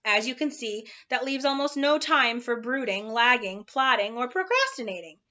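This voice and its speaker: Lazy, drowsy storybook townsfolk, as a woman reader puts them on, droning through their idle day in a sing-song. The voice is bright and a little high, and the recording sounds dull. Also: sing-song, normal speed.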